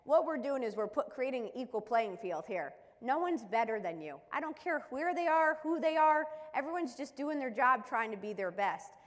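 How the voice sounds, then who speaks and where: High-voiced motivational woman coach. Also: expressive, normal speed, few pauses, long reverb tail. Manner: emphatic, preaching, with rhetorical questions. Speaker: mental skills coach. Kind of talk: motivational live-stream talk.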